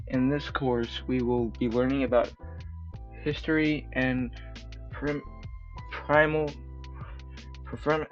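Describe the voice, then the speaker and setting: A man's voice: medium pitch, slow, pauses often, dull audio, soft background music, natural voice. A man reading as a raptor woman history teacher. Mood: forced cheer. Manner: reads flatly in his own voice. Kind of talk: reading a visual novel aloud.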